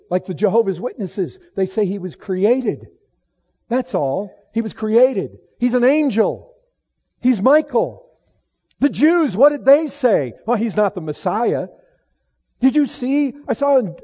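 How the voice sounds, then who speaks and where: High, mellow-voiced emphatic male preacher. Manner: emphatic, rising from low solemn tones to loud exclamations; repeats and restarts phrases. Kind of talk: sermon.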